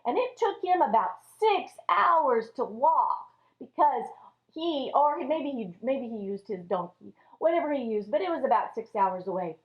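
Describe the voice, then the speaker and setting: Woman Sunday school teacher, animated storyteller for children, very expressive, dull echoey recording. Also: high voice, normal speed. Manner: animated, addresses children as friends. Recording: echoey room, dull lo-fi audio.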